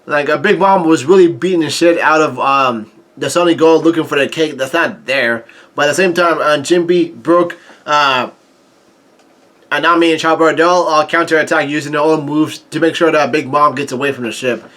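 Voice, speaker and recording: A man casually recapping a comic chapter as a channel host, halting often with fillers and tossing in crude asides. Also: fairly high pitch, a bit bright.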